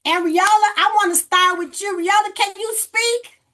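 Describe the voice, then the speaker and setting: A woman with a very high voice leads a group session over a video call, exhorting people and repeating her key phrases. Her tone is bright and forceful. She keeps coaxing participants to speak up. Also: normal speed. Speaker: host leading a group session. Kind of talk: motivational coaching on a group call.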